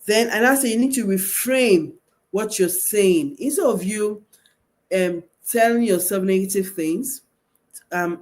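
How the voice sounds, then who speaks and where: A woman's voice: medium pitch, measured pace, a little mellow. A woman teaching parents as a coach, emphatic and repetitive, asking rhetorical questions. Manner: emphatic, repeats key points, asks rhetorical questions.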